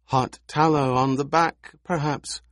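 A man's voice: a little high, steady tone, unhurried, a bit bright, no echo, studio quality, pitched above the performer's own voice. A man voicing a sly, cruel male torturer who relishes describing pain in a lilting, gloating way.

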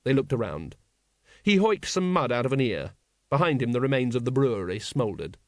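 A man reading a comic fantasy novel aloud as an audiobook narrator, with expressive, dryly comic storytelling. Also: mid-range voice, a little fast, no echo, clean studio sound. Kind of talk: scripted narration.

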